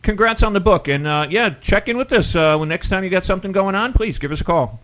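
A man's voice: high voice, animated, fast, a bit bright, muffled recording. A man hosting a talk radio show, chatty and rambling as he promotes guests and the show.

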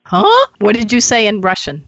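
A woman's voice: medium pitch, animated, normal speed, no room sound, lo-fi sound. A woman hosting a radio interview show, upbeat and chatty, generous with praise for her guests.

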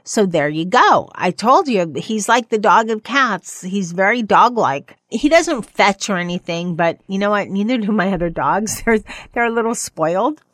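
A woman hosting a pet podcast, talking casually and rambling, who now and then breaks into high, playful voices to mimic excited pets. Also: normal speed, no room sound. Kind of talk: casual monologue.

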